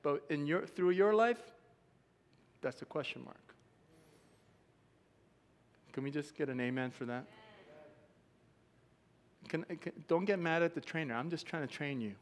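A pastor delivers his sermon in a church, his somewhat high voice ringing through a long hall reverb. He tells stories with animated acted-out quotes and laughs often as he talks. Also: a little slow, pauses often. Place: church sanctuary.

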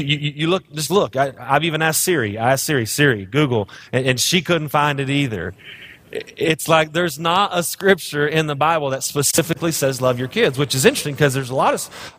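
A man's voice: a little high, expressive, a little fast, fairly bright tone, no echo. A man, a guest pastor preaching a humorous sermon, telling jokes and stories about his own family. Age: 30s. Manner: joking, storytelling, self-deprecating.

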